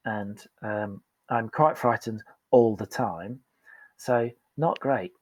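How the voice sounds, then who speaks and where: In a dry recording, a man with a fairly low voice speaks slowly as a podcast guest. He's a performance coach, recounting his past work frankly and with self-deprecating humour in a candid storytelling way.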